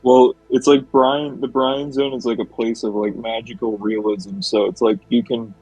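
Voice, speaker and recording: Husky-voiced man rambling casually. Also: mid-range voice, flat delivery, moderate pace, a little mellow, soft background music, poor audio. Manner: rambling, many "like" fillers. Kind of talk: casual group chat.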